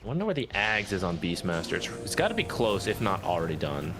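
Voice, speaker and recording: Low-voiced man casting a game over music. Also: wildly swooping pitch, a little fast. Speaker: esports commentator. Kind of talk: live game commentary. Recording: music bed behind the voice.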